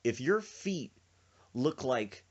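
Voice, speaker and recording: A man hosting a podcast, telling a comic story in an animated way and acting out the voices in it. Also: medium pitch, slow, dull audio. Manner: animated, acts out the voices he tells about. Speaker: podcast host.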